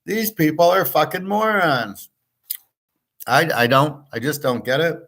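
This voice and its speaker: A man's voice: fairly high pitch, lively intonation, measured pace, fairly bright tone. A middle-aged man hosting a live stream, ranting bluntly and swearing often in a casual monologue. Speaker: host of a live show.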